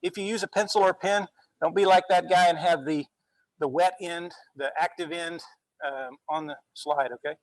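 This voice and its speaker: A male university instructor giving a relaxed classroom lecture, often checking in with "okay?" as he goes. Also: a little high, moderate pace, no room sound, poor audio. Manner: conversational, frequent "okay?" check-ins.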